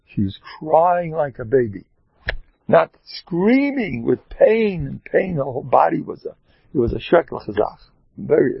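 A man, a rabbi, telling a story in an animated way and mixing in Hebrew and Yiddish terms. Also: medium pitch, creaky, husky, no echo, highs cut off. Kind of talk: storytelling talk.

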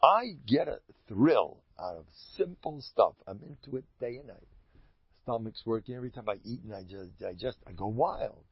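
A man in an informal storytelling talk, animated and rambling, chuckling as he goes and restarting his sentences. His voice sits in the middle range. The recording is somewhat dull and lo-fi, with a dry, close sound. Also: mid-range voice, moderate pace, husky, no echo. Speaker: Hasidic storyteller giving a talk.

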